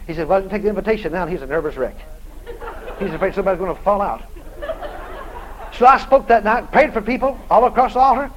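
A male preacher tells a story from the pulpit in a strikingly high voice. His pitch leaps up and down as he acts out the back-and-forth of the conversation. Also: rough recording. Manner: animated storyteller, acting out dialogue. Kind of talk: sermon storytelling.

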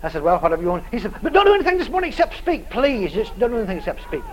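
A man's voice: sits high, wildly swooping pitch, very fast, highs cut off. A male preacher telling a story in a sermon, acting out both sides of the conversation and often laughing as he tells it.

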